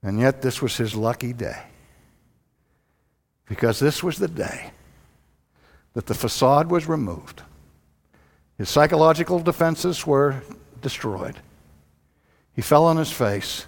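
A man preaching a sermon, telling the story dramatically, swinging from loud outbursts to hushed lows. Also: animated, slow, gravelly, pauses often. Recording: long hall reverb.

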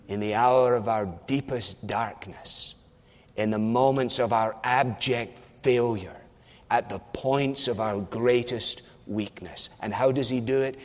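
A man preaching a sermon in an earnest, emphatic manner, repeating phrases and slowing down on key words. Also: medium pitch, big-room sound.

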